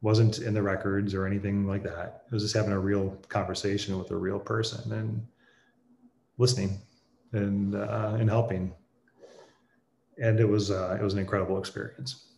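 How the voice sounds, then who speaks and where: A man speaking thoughtfully and haltingly, sharing a personal story in conversation. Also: lowish voice, flat delivery, vocal fry, a little mellow, slight background noise. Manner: thoughtful, halting, with restarts and pauses. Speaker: guest sharing a personal experience. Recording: roomy echo.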